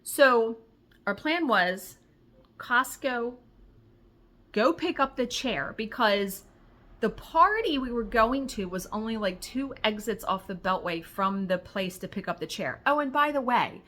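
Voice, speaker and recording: A middle-aged woman vlogger casually telling a story to her viewers, acting out conversations and swearing when excited. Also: fairly high pitch, unhurried. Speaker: crafting vlogger.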